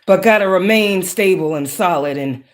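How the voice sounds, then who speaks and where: A woman's voice: on the low side, moderate pace. Profane, emphatic tarot reader woman. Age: adult with children. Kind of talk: casual monologue.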